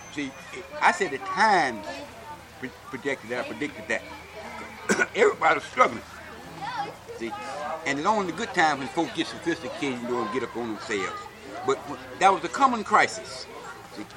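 An older man from Alabama is being interviewed for an oral history, spinning folksy tales of his boyhood and often asking "see?" His voice sits fairly high and sounds animated, moving at a normal speed with long pauses while a crowd murmurs behind him.

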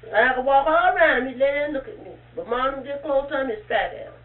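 An older woman telling a long story in a relaxed group conversation. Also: high voice. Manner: animated, unhurried storytelling. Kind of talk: casual storytelling. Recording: tinny, echoey recording from far off.

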